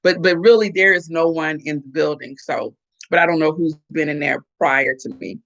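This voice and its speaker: A middle-aged woman hosting a casual live chat, animated and chatty as she reacts to viewer comments. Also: sits low, normal speed, vocal fry, dull audio. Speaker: host.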